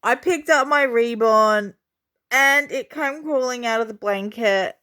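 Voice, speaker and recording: A woman vlogger telling a story casually to camera, chatty and excitable with many fillers. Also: on the high side, measured pace. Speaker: doll collector vlogger.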